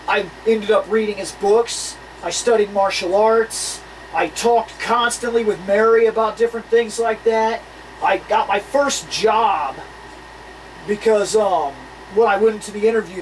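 A podcast co-host telling stories in casual chat, animated and swearing freely, laughing between lines. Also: mid-range voice, distant mic, slight background noise, poor audio.

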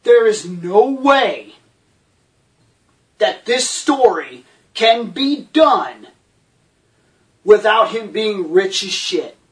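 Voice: medium pitch, expressive, extremely slow, pauses often, far from the mic. A movie reviewer giving a profane, sarcastic rant about a film, with incredulous outbursts.

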